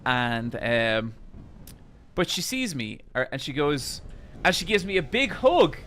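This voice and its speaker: A man with a fairly high, bright voice tells a story to his chat while he plays a game. He is animated and swears freely, and his pitch swings widely. Soft game music plays underneath. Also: slow pace. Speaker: streamer. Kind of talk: casual storytelling while gaming.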